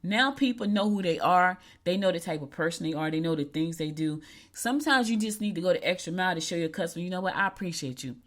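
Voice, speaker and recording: Emphatic woman host repeating her points. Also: fast. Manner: lively, swoops high when quoting people. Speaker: podcast host. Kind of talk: casual business talk.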